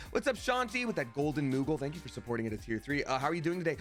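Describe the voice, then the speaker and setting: An upbeat male streamer chats with his viewers, his somewhat high voice bouncing around with a lot of lift. He talks casually and thanks people one after another. Soft music plays faintly underneath. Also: lively intonation, fast talker. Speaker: Twitch streamer and voice actor. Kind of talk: casual live-stream chat.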